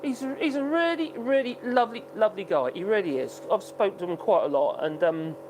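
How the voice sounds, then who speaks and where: A man's voice: sits high, animated, a little fast, noisy background. Man, live-stream host, rambling casual chat, laughs often, reacting to comments. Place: home workshop.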